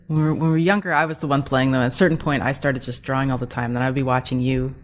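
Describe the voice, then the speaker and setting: A woman, the show's creator, chatting in an animated, rambling way and laughing often as an interview guest. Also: a bass voice, rapid-fire. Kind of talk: casual chat.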